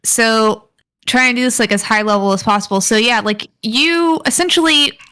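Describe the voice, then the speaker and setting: A woman's voice: fairly high pitch, moderate pace, sharp tone, clear, resonant tone. A woman co-hosting a podcast in casual chat, rambling with lots of fillers and giggles. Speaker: podcast co-host.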